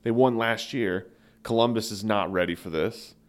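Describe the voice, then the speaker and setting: Low-voiced, animated male podcast co-host. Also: moderate pace. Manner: animated, laughing, rambling storyteller. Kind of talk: casual comedic sports chat.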